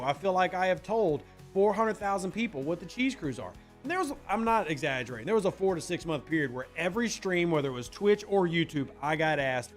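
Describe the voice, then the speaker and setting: Animated high-voiced male game streamer. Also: fairly quick, faint music behind. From United States. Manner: chatty, animated, answers chat messages. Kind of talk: casual live-stream chat.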